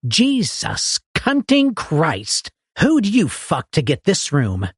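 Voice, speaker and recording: A man's voice: a little high, very animated, measured pace, slightly rough, no echo, studio quality, exaggerated voice. A man voicing a pompous professor who sneers, blusters and seethes with indignation. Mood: indignant. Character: pompous, easily enraged middle-aged professor.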